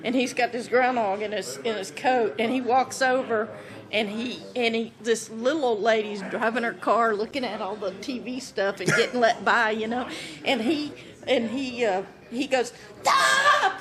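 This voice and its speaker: A woman storyteller with a slightly raised pitch, animated and quick to laugh as she acts out each scene. She tells a casual anecdote as a podcast guest. Voices from a crowd murmur clearly behind her.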